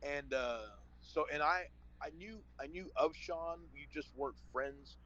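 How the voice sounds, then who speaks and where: A man's voice: a little high, unhurried, bright, forceful tone, muffled recording. A man from San Antonio, a former wrestler and podcast guest, telling a story casually and acting out the phone calls in it. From San Antonio, Texas.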